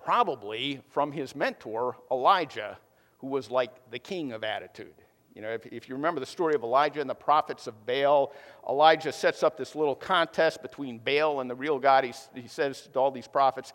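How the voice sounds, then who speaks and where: Male preacher, casual chatty sermon, somewhat high voice, long hall reverb. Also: moderate pace, a bit bright. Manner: casual, chatty storytelling with many fillers.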